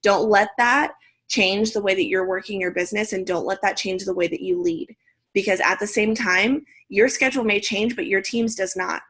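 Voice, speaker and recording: A young woman leading her team on a video call, speaking in a direct, energetic pep-talk manner. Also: mid-range voice, moderate pace, slightly rough. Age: young adult. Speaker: team leader.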